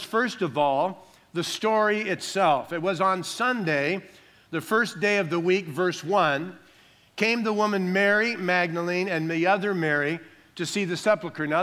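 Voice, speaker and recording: Male pastor, emphatic sermon delivery, bright and forceful tone. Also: high voice. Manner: emphatic preaching, calls for amens, drops soft on solemn lines.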